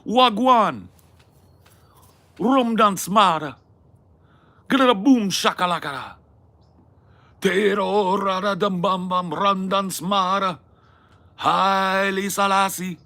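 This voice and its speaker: A man's voice: mid-range voice, drawn-out words, gravelly, bright, forceful tone, pitched above the performer's own voice, exaggerated voice. A man doing an impression of a woman politician putting on a mock island accent, in sing-song nonsense chants. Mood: chanting.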